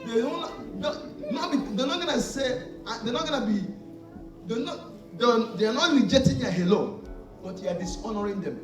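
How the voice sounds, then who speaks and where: A high-voiced man preaches a call-and-response sermon, asking the crowd to fill in words. His voice swings from loud to soft as he acts out little scenes. He is heard from a distance in a very echoey hall, with faint music behind. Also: expressive, normal speed. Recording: echoey hall, far from the mic.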